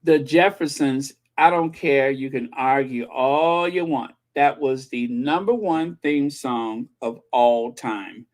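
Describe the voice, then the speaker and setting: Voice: mid-range voice, takes it slowly, few pauses. A channel host chatting casually, opinionated and breaking into snatches of old TV theme songs. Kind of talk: casual chat.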